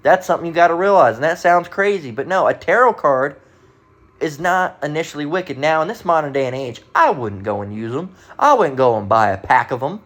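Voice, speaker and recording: A man's voice: fairly high pitch, expressive, a bit bright. Emphatic, cursing man teaching the Bible. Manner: emphatic, profane, keeps asking "all right?"; reads scripture slowly, stressing words. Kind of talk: casual bible lesson.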